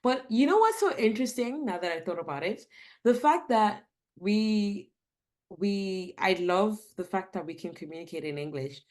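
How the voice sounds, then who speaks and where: A woman's voice: medium pitch, moderate pace. A woman from South Africa, a dance podcast guest, telling stories in casual chat and acting out quotes. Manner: animated storytelling with acted quotes.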